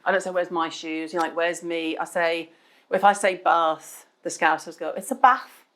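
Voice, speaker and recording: A woman from England with an English accent with Liverpool traces, chatting casually as the host in a relaxed, wry way. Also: lowish voice, fairly quick. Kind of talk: casual chat.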